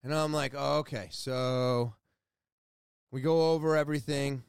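A man podcasting, telling a story in a casual, animated way and acting out both sides of the conversations. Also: mid-range voice, a little slow, creaky, clean tone, no room sound, clean studio sound.

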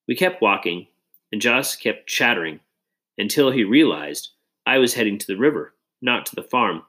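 A man's voice: lowish voice, expressive, moderate pace, pushed and bright. A man narrating a children's novel in the first person and acting out the dialogue. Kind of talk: audiobook reading of a children's novel.

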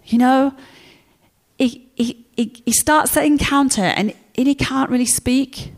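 Woman preaching with lively storytelling. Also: high-pitched, a little slow. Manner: lively storytelling, acting out the characters in quotes. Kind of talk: sermon.

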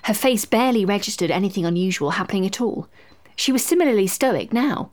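A woman narrating a story in a wry, expressive way. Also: mid-range voice, fast.

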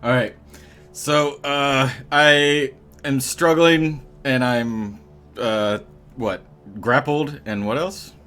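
A man's voice: mid-range voice, fairly even intonation, drawn-out words, a bit bright, clear, resonant tone, soft background music. A man playing a tabletop game, thinking aloud hesitantly with many restarts. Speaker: player.

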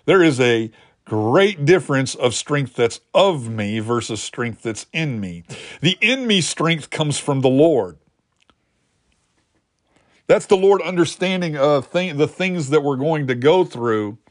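A man's voice: a little high, lively intonation, slow pace, no room sound, studio quality. A man preaching a sermon in an earnest teaching manner, lifting his voice to drive points home. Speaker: pastor.

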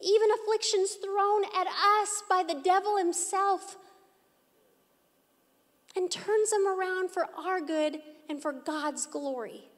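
A woman pastor preaching an emphatic, earnest sermon in a church hall. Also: very high voice. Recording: echoey hall.

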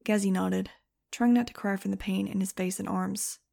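A woman narrating an audiobook, reading lively scripted prose. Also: mid-range voice, moderate pace, gravelly. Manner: lively, shifting into excited first-person telling.

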